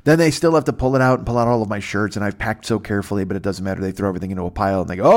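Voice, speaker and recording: A man's voice: mid-range voice, rapid-fire, few pauses, darkish tone. A man hosting a podcast, telling a rambling, profane comic story that keeps drifting off track. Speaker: podcast host. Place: temporary setup away from home.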